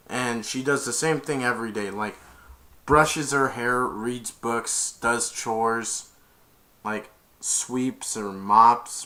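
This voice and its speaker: A man talks through a film's story in a loose, rambling way, linking every event with "and then". His voice is bright and forward, and his pitch sits in the middle. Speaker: film reviewer. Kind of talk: casual plot retelling.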